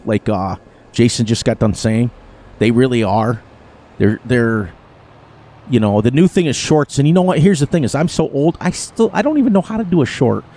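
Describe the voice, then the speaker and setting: Playing a farming game on a live stream, a middle-aged man rambles casually to his viewers and chuckles along the way. His voice sits at medium pitch with a dark tone.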